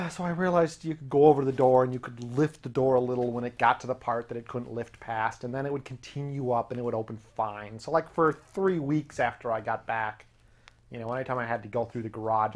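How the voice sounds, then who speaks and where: A man hosting his own show, telling a casual anecdote in an animated, self-amused way and acting out the back-and-forth of a conversation. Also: mid-range voice. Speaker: podcast host.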